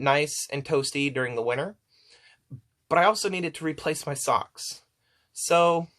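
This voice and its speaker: A man chatting to camera as he shows off a shopping haul, enthusiastic and gushing, his voice getting hoarse. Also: fairly high pitch, a bit bright. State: voice going hoarse. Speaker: vlogger showing a shopping haul. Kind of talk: casual chat to camera.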